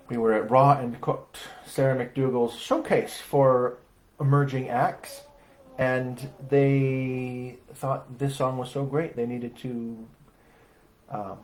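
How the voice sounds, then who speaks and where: Between accordion songs on a livestream, a man chats wryly and pokes fun at himself, mixing casual stage patter with a sung comic tango. His voice is mid-range, the audio is poor, and loud accordion music plays behind him.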